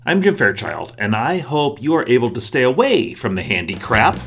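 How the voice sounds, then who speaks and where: A male podcast host with a lively, up-and-down pitch, talking in an easygoing way. He sounds reflective and encouraging, in a relaxed, conversational style. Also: normal speed, gravelly, husky, soft background music. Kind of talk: casual chat and closing monologue.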